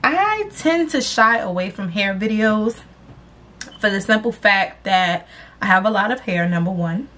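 A young woman greets her viewers in a quick, casual intro, her voice sitting at an ordinary middle pitch. She rambles a bit, stops to wonder which point she is on, and keeps the mood light and friendly. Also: animated, pushed and bright. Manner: rambling and upbeat, loses track of her own points. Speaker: beauty vlogger.

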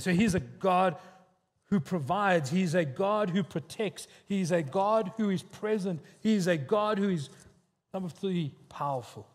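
A man's voice: high-pitched, animated, normal speed, darkish tone. South African man preaching in a hall. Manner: conversational storytelling with quoted voices. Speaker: pastor. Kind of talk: sermon. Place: church hall. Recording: long hall reverb.

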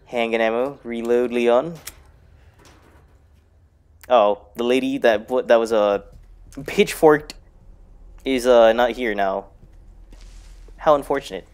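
A man in his own voice talks through a horror game, half under his breath, swearing and joking at the screen. His pitch sits at an ordinary middle, and it jumps sharply when something startles him. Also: slow pace, long pauses, clear, resonant tone. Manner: mutters quietly, bursts into loud startled shouts; profane, jokey self-talk to the game. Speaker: gaming YouTuber. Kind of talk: casual let's-play commentary.

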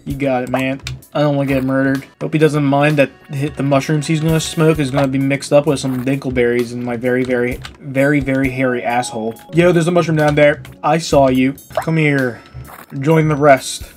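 A woman's voice: extremely low pitch, fairly even intonation, moderate pace, a little mellow, faint music behind. A woman giving gameplay commentary in a crude, joking, self-mocking way. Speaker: gaming video creator.

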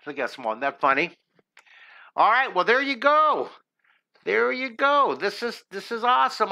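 With a slightly high, sharp-toned voice, a middle-aged drawing teacher hosts a live session, drawing and chatting warmly and upbeat with viewers.

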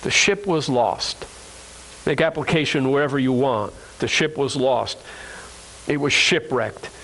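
A man's voice: mid-range voice, a little slow, fairly bright tone, low-quality recording. A male pastor preaching a sermon to his congregation, earnest and repeating phrases for emphasis, calling listeners friends.

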